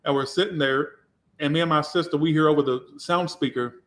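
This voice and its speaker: Man, tarot reader, slightly high voice, candid casual storytelling. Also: fast, a bit bright. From Georgia, US. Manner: candid, profane, reflective.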